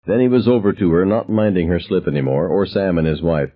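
A man narrating an audiobook in a wry, reflective first-person way, with a husky voice. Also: low voice, a little fast, phone-quality sound.

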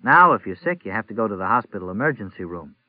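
A man's voice: fairly low pitch, very animated, fast, no room sound. A man putting on a sardonic sick mother. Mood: grumbling. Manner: sardonic, grumbling. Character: gruff middle-aged mother with a cold. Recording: tinny phone-like audio.

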